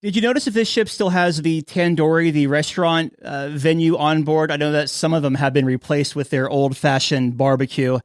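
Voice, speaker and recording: A man's voice: on the high side, steady tone, moderate pace, few pauses, no room sound, studio quality. An American man hosting a cruise podcast, asking questions in a chatty, conversational way with fillers. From United States. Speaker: podcast host. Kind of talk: casual interview, then ad read.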